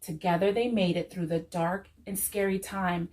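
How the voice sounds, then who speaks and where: A woman reading a children's story aloud in church, gentle and expressive, returning to a soothing refrain. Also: fairly low pitch, normal speed, low-quality recording.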